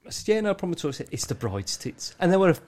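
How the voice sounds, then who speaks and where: A man's voice: a little high, very fast. A man telling stories in casual podcast banter, swearing heavily. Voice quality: lively delivery, heavy swearing. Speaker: podcast co-host, t-shirt printer.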